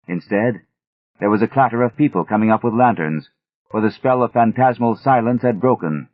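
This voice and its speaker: A man reading a first-person audiobook in a measured, unhurried way. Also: fairly low pitch, no echo. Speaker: audiobook narrator. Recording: thin phone-like audio, dry.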